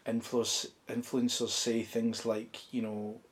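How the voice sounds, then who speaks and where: A man's voice: mid-range voice, completely flat delivery, slow pace. A Scottish man, a musician guest, chatting in his home studio in a thoughtful, rambling way with many fillers. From Scotland. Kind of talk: casual interview chat.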